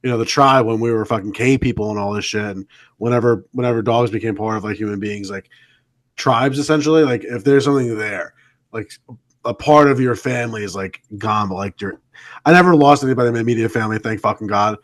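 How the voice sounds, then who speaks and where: A man's voice: on the low side, fast talker. A man, a podcast co-host, musing aloud in a loose, rambling way during casual chat.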